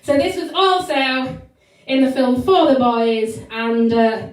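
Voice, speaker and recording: A woman's voice: sits high, takes it slowly. A woman singer and performer introducing songs in a bubbly, chatty way, talking straight to her audience during a live stream. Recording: very echoey room, mic at a distance, backing music.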